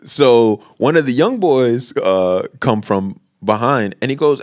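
A young man spins a story on a casual podcast, his pitch swinging high and low as he acts out each person. He swears freely and keeps the energy up. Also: slow. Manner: animated, profane, acts out the people in his story. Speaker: podcast co-host.

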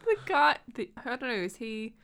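A woman's voice: fairly high pitch, big pitch swings, moderate pace, gravelly, a bit bright, clear, resonant tone. A woman co-hosting a casual film chat, chiming in with short laughing remarks. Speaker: podcast co-host.

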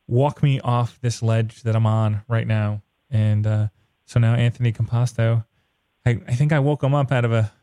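A man's voice: mid-range voice, no echo. A man in mid-register hosts a casual podcast chat and gets worked up as he goes, ranting with exasperation. His voice is close and dry, with no room sound around it. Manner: excitable, rants with exasperation. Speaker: podcast host. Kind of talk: casual comic book chat.

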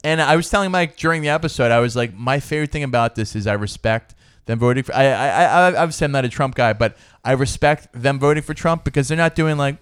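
A man's voice: medium pitch, fast, a bit bright, smooth, no room sound, clean studio sound. A man co-hosting a comedy podcast, chatting casually and laughing often between jokes. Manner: laughs often, puts on brash voices for bits. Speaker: podcast co-host.

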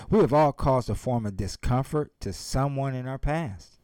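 A man with a medium-pitched, dark voice gives a motivational speech, retelling a story at a moderate pace with hardly any pauses. He is emphatic and speaks directly to his audience, and the recording is dry.

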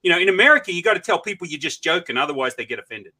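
A high-energy, joking man with an Australian accent, a guest on a casual video call show. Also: sing-song, very fast, bright, forceful tone.

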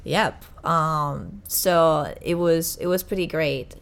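A young woman from Italy talks in a low, easygoing voice in relaxed conversation. English is not her first language, and she often circles back and restarts while she finds the word she wants. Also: slow, creaky. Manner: searching for words, many restarts. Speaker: podcast guest. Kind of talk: casual chat.

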